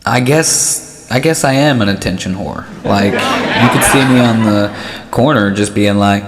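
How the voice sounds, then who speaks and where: A man's voice: medium pitch, normal speed, a loud crowd. A man doing a rambling, self-mocking stand-up comedy set, often laughing at his own jokes. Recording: live hall echo with loud noise.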